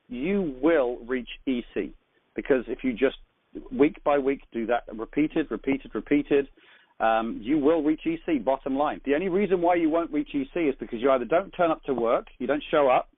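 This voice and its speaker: A man's voice: on the high side, dry recording. Chatty English man on a phone line. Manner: chatty, upbeat, full of fillers and asides. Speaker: host of a coaching call. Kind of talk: conference-call coaching talk.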